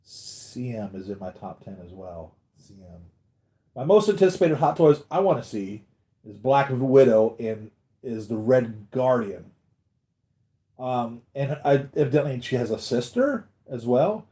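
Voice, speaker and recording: An enthusiastic man rambles through a live stream about his collection, his voice sitting at an ordinary middle pitch. He talks like a fan chatting with other fans, full of fillers and restarts. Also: expressive, a little slow, mellow. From United States. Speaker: collectibles vlogger.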